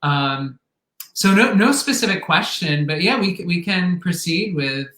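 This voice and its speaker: A man's voice: high voice, expressive, measured pace, bright, forceful tone, echoey room, poor audio. A man hosting an interview, reflecting at length in a loose, rambling way before handing back to his guest. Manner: rambling, many fillers and restarts. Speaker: podcast host. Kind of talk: casual interview.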